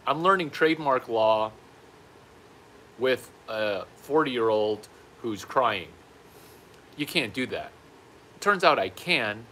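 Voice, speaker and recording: A middle-aged man doing stand-up, telling a profane story in an animated way and acting out both people with loud bursts. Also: lowish voice, slight background noise. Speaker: stand-up comedian.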